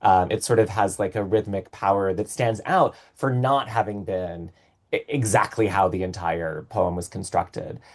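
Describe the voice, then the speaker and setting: A man's voice: deep voice, normal speed. A man on a podcast, explaining things in a casual, lecturing way with many fillers. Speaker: podcast co-host.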